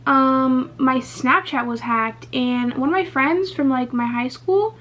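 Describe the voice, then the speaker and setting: Young woman vlogger, high voice, super candid, swears a lot, says like constantly, kinda muffled lo-fi audio. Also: slow, fairly bright tone. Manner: chatty, candid, swears freely, lots of "like" and "um". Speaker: beauty vlogger. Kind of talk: casual get-ready-with-me Q&A chat. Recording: slightly muffled lo-fi recording.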